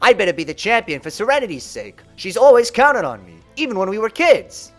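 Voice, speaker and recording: A man's voice: high-pitched, sing-song, a little fast, faint music behind, pitched above the performer's own voice. A man putting on a Brooklyn accent to voice a loyal, scrappy teenage boy duelist from a cartoon. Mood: determined. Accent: Brooklyn put-on. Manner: brash, earnest vow.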